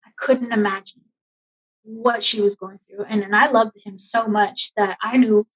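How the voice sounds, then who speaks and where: A woman army veteran in her thirties, telling a personal story in a podcast interview, emotional and halting with many fillers. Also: mid-range voice, steady tone, husky. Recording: dull lo-fi sound.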